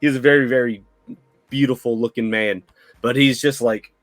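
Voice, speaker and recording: A man's voice: medium pitch, fairly even intonation, moderate pace, dry recording. Rambling male dungeon master. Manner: rambling with many restarts. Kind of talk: narrating a tabletop game.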